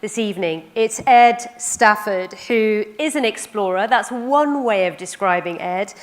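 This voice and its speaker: A woman's voice: mid-range voice, measured pace. A woman hosting an event, introducing speakers and asking questions in an upbeat presenter's manner. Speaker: event host.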